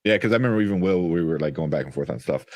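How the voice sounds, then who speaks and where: A man's voice: sits low, animated, very fast, a loud crowd. A man with a Chicago accent hosting a casual sports chat, rambling along with lots of fillers and the odd curse. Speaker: podcast host.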